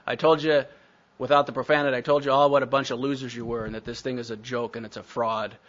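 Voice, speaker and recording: Blunt storytelling man, bright voice. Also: mid-range voice, flat delivery, quick pace, muffled recording. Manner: blunt, storytelling, self-mocking humor. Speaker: speaker sharing recovery story. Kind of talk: recovery meeting talk.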